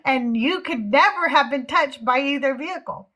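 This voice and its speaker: High, bright-voiced chatty woman host. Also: normal speed. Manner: chatty, laughs at herself often. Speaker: host of a live call-in show. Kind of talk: casual livestream chat.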